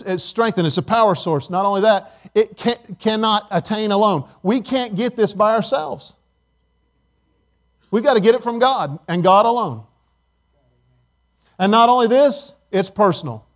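A middle-aged man preaching a sermon, swinging between loud emphasis and soft, hushed asides. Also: high-pitched. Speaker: pastor.

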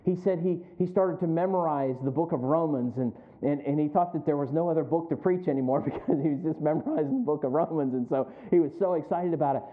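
High-voiced pastor preaching, phone-like sound. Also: male voice, fast talker, few pauses. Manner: builds from reflective to fervent, repeats for emphasis. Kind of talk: sermon.

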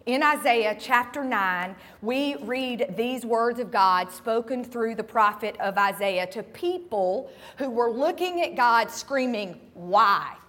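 A woman pastor preaches in a church in a slightly high voice. She puts direct questions to the congregation and lets her delivery swell into passionate, pleading peaks. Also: takes it slowly, few pauses, a bit bright, in a large hall. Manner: direct, questioning, building to impassioned cries. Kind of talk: sermon. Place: church sanctuary.

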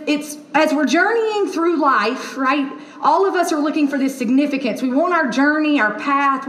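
A woman's voice: sits high, reverberant. A woman pastor giving a conversational sermon, telling everyday stories with many fillers. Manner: chatty storytelling with many fillers.

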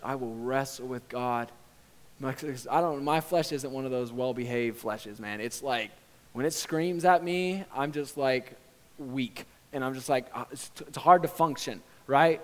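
A man's voice: medium pitch, a little slow. Earnest male pastor in an echoey church. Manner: conversational, earnest, often swelling to impassioned shouting. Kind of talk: sermon.

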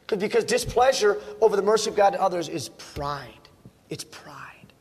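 A male preacher with a notably high voice delivers a fervent sermon, repeating words for emphasis and pushing toward a shout at his peaks. His voice rings out in a big church, trailing a long reverb. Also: breathy edge. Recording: long reverb of a large hall.

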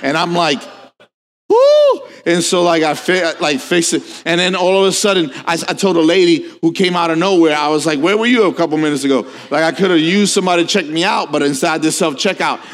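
A man preaching a sermon as pastor, swinging from hushed lines to shouted questions, telling stories with casual asides. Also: fairly high pitch, fairly even intonation, fast, few pauses. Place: church sanctuary. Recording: long hall reverb.

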